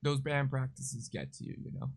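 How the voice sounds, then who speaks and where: A man hosting a casual podcast interview, playful and quick to laugh, using loose slang. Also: mid-range voice, creaky. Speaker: podcast host.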